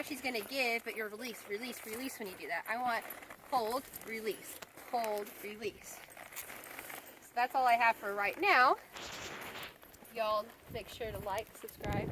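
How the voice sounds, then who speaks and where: A woman horse trainer giving chatty instructional commentary while riding, repeating key words for emphasis. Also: on the high side. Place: outdoors with a horse. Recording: noisy outdoor audio with hoofbeats.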